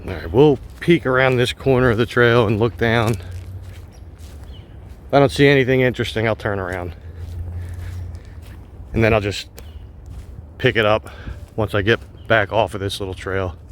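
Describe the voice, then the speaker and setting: A man vlogging while he walks wooded park trails, thinking aloud in a relaxed way with frequent pauses, filmed on a phone held on a gimbal. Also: fairly low pitch, a little hiss or hum. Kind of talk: casual walking narration.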